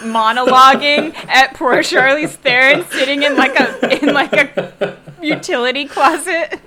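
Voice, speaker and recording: A woman's voice: high-pitched, unhurried, over a noisy crowd. A woman co-hosting a podcast, chatting casually and wryly about a movie and laughing often. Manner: wry, laughs often, animated bursts. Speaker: podcast co-host. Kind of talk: casual movie-review chat.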